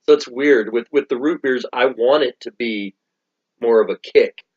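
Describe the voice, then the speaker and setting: A middle-aged father co-hosts a soda review with his son, chatting casually and getting easily sidetracked as he rambles. His medium-pitched voice is a little mellow at a moderate pace, and the recording has a dull lo-fi sound.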